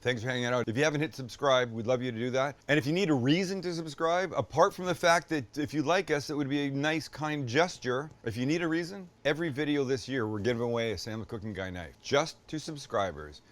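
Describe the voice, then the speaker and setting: A man's voice: mid-range voice, quick pace, few pauses, fairly bright tone. Enthusiastic man hosting a cooking show. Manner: enthusiastic, jokey, talks to the viewer. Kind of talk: casual cooking demonstration.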